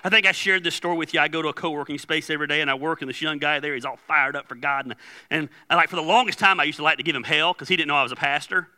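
A man's voice: fairly high pitch, rapid-fire, bright, forceful tone. A male pastor preaching in a loose, conversational way, telling stories and acting out the dialogue. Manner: conversational storytelling with laughs and quoted dialogue. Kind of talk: sermon.

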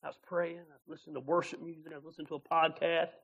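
Animated preaching man with a high voice. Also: racing, creaky, husky, highs cut off. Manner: animated preaching, acts out voices of God and Moses; folksy, laughs often. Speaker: pastor. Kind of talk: sermon.

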